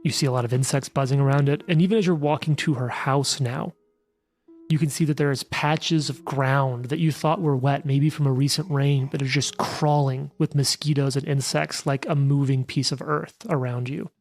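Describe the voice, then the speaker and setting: A man running a tabletop game as game master, rambling with many fillers and quick asides. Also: mid-range voice, steady tone, a little mellow, soft background music. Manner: rambling, filler-heavy, bursts of fast asides.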